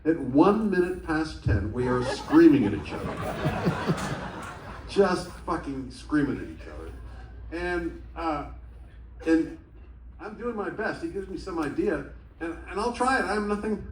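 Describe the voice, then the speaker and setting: A man telling stories to a theatre audience in an animated, comic and profane manner. He is heard through the speakers and recorded by a phone in the crowd. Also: fairly high pitch, unhurried, pauses often, roomy sound, distant mic, slight background noise, poor audio. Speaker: stage storyteller. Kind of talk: solo speaking show. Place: large theatre. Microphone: stage PA, taped on a phone in the audience. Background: faint audience ambience.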